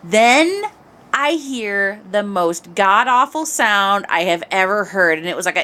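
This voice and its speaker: At a measured pace, a female podcast host shares a casual story into the microphone, lively and expressive as she swings between low muttering and shrieking.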